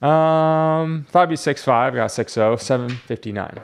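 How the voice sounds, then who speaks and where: A man with a mid-pitched voice that keeps dropping into a gravelly fry. He rambles casually and half to himself as a comic book dealer. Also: measured pace. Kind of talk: casual unboxing chat.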